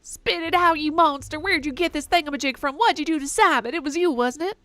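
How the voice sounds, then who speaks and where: A woman voicing a brash, fearsome village kid in a put-on Southern accent, talking in a loud, bossy, threatening way. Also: high-pitched, brisk, no room sound, voice pushed up. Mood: angry.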